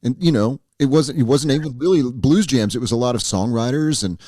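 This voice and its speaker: A man hosting a podcast interview in relaxed, casual conversation, offering affirmations and his own stories. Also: medium pitch, a little fast, dry recording, clean studio sound. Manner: easygoing, affirming listener. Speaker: podcast host.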